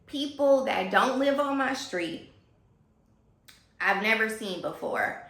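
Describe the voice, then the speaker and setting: A woman telling a story in a casual vlog, animated and gossipy, talking straight to her viewers. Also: fairly high pitch, takes it slowly, vocal fry, roomy sound.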